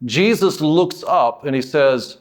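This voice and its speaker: A man from the United States, a pastor, takes his sermon slowly and expressively. He's emphatic, elongates his words, lifts abruptly in pitch and volume, and weaves in folksy commentary.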